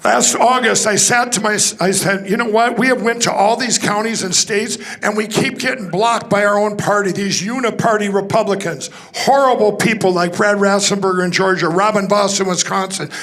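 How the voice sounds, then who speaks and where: A man's voice: high-pitched, moderate pace, hardly any pauses, a bit bright. A man speaking to a conference audience, telling a rambling story with restarts and acting out the dialogue. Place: conference hall stage.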